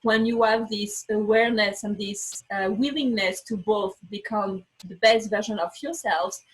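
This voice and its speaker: Through a rough recording comes a woman's mid-range, slightly rough voice at a moderate pace. Guesting on a podcast, she tells a candid personal story with animation, acting out her words, her second-language English showing small slips.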